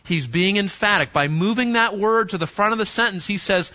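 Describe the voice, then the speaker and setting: A man preaching to young people in an emphatic way, often repeating words and restarting his phrases. His voice sits high and sounds bright and forceful. The recording is dull and lo-fi. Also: brisk, hardly any pauses. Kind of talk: sermon to teenagers.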